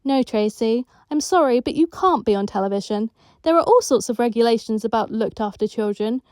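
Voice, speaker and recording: A woman doing a weary, quiet care worker. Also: a little high, dry recording, clean studio sound, natural voice. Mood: patient. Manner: calm, quiet, measured.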